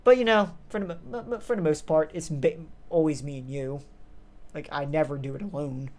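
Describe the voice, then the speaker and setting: A man's voice: fairly high pitch, normal speed, darkish tone. A young man co-hosting a casual podcast chat, rambling with lots of fillers and restarts. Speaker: co-host.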